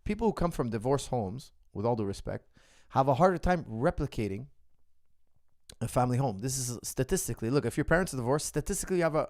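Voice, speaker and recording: A middle-aged martial arts coach from the West responds to viewer questions in a casual monologue that is earnest and philosophical. He has a mid-range voice, recorded dry at studio quality.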